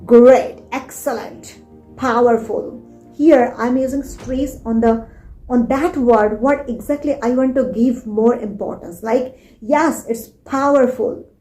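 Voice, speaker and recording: A woman's voice: fairly high pitch, dark tone, roomy sound. A woman English teacher giving a spoken English lesson, talking emphatically and often checking in with "okay?". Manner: emphatic, sing-song demonstrations, frequent "okay?" check-ins.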